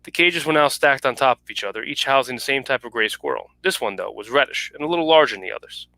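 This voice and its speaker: A man reading his own short story aloud at a virtual book launch, in a brisk, clipped manner with small restarts. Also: medium pitch, animated, sharp tone, no room sound. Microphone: home video call mic.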